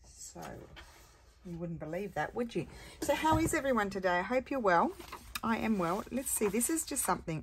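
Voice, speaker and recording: A woman hosts a relaxed crafting video and talks to her viewers as she works. Her voice sits a little low, and she rambles cheerfully between tasks. Clear clicks and rustling can be heard behind her. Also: brisk, a little hiss or hum. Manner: chatty, rambling, talks to viewers while working. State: has the hiccups. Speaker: crafting channel host. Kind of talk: casual chat while crafting.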